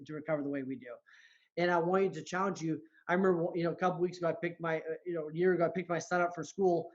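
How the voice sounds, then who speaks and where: A man's voice: fairly high pitch, muffled recording. A man speaking as a motivational coach and guest on a podcast, earnest, often repeating words as he starts a sentence. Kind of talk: motivational talk.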